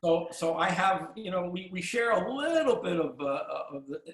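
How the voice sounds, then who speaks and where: Older male talk-show host in his sixties, slightly high voice, halting anecdotes, echoey room. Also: lively intonation, fairly bright tone. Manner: rambling, halting storyteller with many restarts. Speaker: podcast host. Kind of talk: casual interview chat. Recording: roomy echo.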